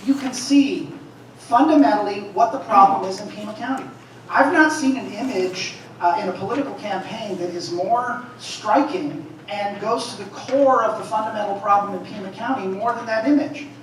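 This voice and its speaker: A man running for office, giving a forceful, pointed forum answer that builds to firm declarations. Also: sits high, normal speed, a little hiss or hum. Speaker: political candidate. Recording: echoey hall, voice from far off.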